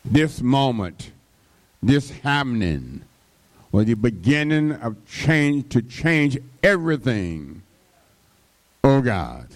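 A man's voice: medium pitch, big pitch swings, slow, pauses often. A man preaching a sermon, drawing out his words and breaking in with frequent call-and-response interjections to the congregation.

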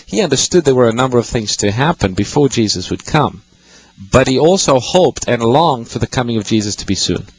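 A man's voice: mid-range voice, expressive, a little fast, breathy edge, low-quality recording. A man hosting a call-in radio show, patiently explaining Bible passages to callers. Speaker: radio Bible-teaching host.

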